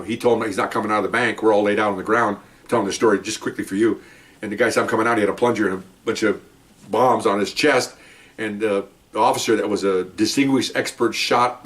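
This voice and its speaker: Veteran cop storyteller, man, lively and acts out quotes, sits back from the mic. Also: medium pitch, recorded from a distance. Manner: animated, acts out quotes with rising voice. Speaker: retired police officer telling stories. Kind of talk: casual storytelling.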